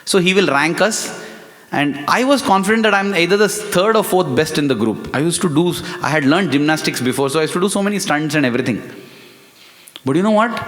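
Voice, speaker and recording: A man's voice: sits high, brisk. A man, a guest speaker at a spiritual retreat, telling a self-mocking story and acting out what people said. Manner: animated, self-mocking, acts out quoted voices. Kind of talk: humorous storytelling talk. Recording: hall reverb.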